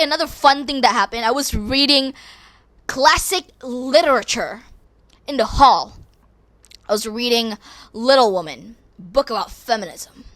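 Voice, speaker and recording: Woman, podcast host, casual monologue, expressive, bright tone. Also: high-pitched. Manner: rambling, expressive, self-deprecating.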